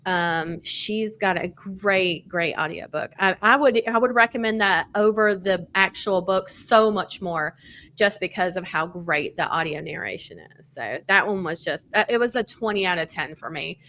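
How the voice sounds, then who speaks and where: A woman hosting a podcast, casually reviewing books with lots of fillers, easy swearing and excited storytelling. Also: fairly low pitch, moderate pace. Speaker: podcast host. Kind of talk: casual book-review chat.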